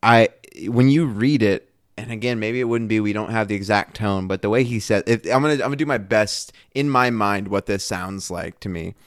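A man with a low, smooth voice co-hosts a casual podcast about scripture. He talks things through animatedly, restarting sentences as he thinks. The sound is dry and close. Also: a little fast, dry recording. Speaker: podcast co-host.

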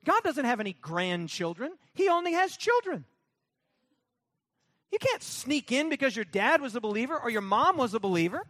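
A man preaching with a high voice that swings widely up and down. He is emphatic and repetitive, pulling the congregation into call-and-response, and he slips into sarcastic mocking voices. The sound is close and dry. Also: very animated, moderate pace, bright, forceful tone, no room sound. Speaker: pastor. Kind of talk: sermon.

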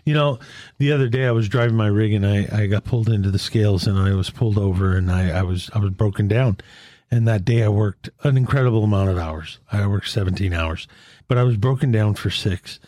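A man's voice: on the low side, a little fast, no echo, studio quality. A man who leads a Catholic men's fellowship, sharing faith and retelling a roadside story with earnest conviction. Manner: earnest testimony, retelling dialogue in a lively back-and-forth.

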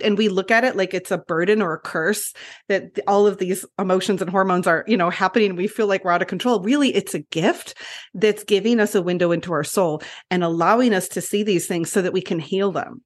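A woman's voice: medium pitch, brisk. A woman guest on a podcast interview who speaks as a birth educator, earnest and flowing, with many filler likes.

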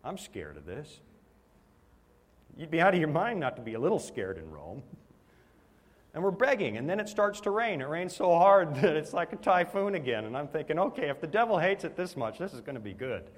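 A preacher tells a story from the pulpit, animated and laughing at himself. His voice sits a little high for a man. A long reverb from a large hall trails each phrase. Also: a little fast. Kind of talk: sermon with storytelling.

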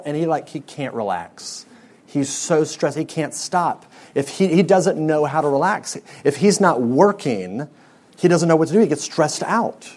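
Young guy preaching to students, kinda high voice, lots of rhetorical questions. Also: a little mellow. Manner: conversational preaching with rhetorical questions and pop-culture stories. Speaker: speaker to a student audience. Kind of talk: sermon.

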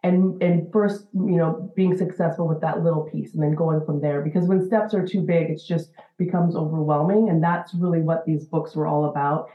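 A woman's voice: low voice, steady tone, moderate pace, few pauses. A woman in her forties, a special-needs educator, explaining earnestly in an interview with frequent fillers. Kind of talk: interview answers. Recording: tinny phone-like line in an echoey room.

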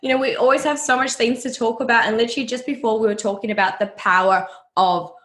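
A woman's voice: a little high, steady tone, fast, fairly bright tone. A young woman hosting a podcast, chatting in a bubbly, storytelling way. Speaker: podcast host. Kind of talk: casual podcast chat. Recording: echoey room.

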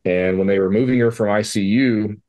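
A man's voice: lowish voice, fairly even intonation, brisk, darkish tone. A man speaking as a podcast guest, telling a personal story in casual, profane language and acting out the dialogue with quoted voices. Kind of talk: conversational storytelling.

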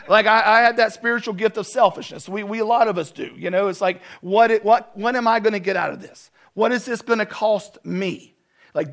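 A man preaching a sermon as a pastor, telling a personal story in a conversational way with self-deprecating humor, dropping to a soft voice for tender moments. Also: sits high, vocal fry.

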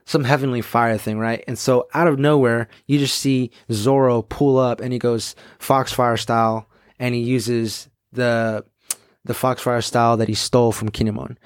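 A man hosting his own podcast, chatting casually and excitedly, with many fillers and quick quoted asides. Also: medium pitch, clean tone, no echo, studio quality. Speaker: podcast host. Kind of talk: casual solo podcast chat.

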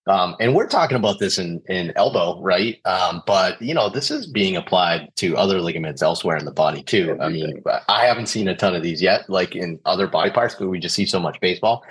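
Husky-voiced upbeat male podcast host. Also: sits low, animated, a little fast, hardly any pauses, fairly bright tone, poor audio. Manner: upbeat, laughs easily, fillers. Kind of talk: casual podcast chat.

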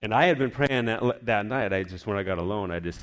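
Man, preacher, testimony storytelling, lowish voice, animated then hushed. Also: brisk, hardly any pauses.

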